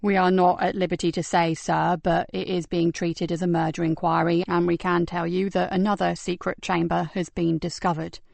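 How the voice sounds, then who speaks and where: A woman narrator voicing a courteous, observant male detective who speaks calmly and formally. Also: high-pitched, moderate pace, gravelly, hardly any pauses, dry recording.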